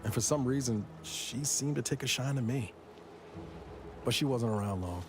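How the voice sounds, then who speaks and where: A man's voice: mid-range voice, normal speed, lightly acted. A man playing a weary male space agent, speaking in a dry, wry, reflective way in game dialogue. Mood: wistful. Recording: game audio with music behind.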